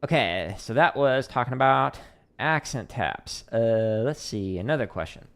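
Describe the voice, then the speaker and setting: A man from Arizona teaching drumming on a casual livestream, talking in a relaxed, rambling way with lots of fillers. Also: medium pitch, a little slow, creaky, clean tone. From Arizona, USA. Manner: relaxed, chatty, many fillers, counts strokes aloud. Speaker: drum teacher streaming Q&A.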